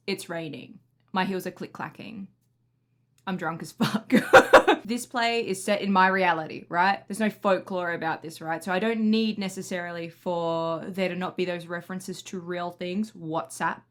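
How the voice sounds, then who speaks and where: An excitable woman, chatting casually as she reacts to music for a video. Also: on the low side, moderate pace. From Australia. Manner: excitable and chatty, gushing enthusiastically.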